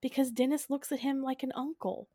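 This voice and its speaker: A woman's voice: high-pitched, steady tone, a little fast, dark tone, no room sound, studio quality. A woman co-hosting a casual podcast, retelling a movie's plot with playful acted-out quotes. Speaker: podcast co-host. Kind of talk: casual film recap chat.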